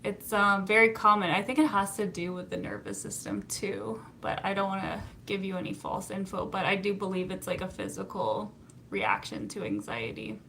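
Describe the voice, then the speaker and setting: A woman's voice: mid-range voice, big pitch swings, moderate pace, a bit bright, slight background noise. A young adult woman, a psychotherapist, chatting casually on a live stream, reading viewer comments and laughing often. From Canada.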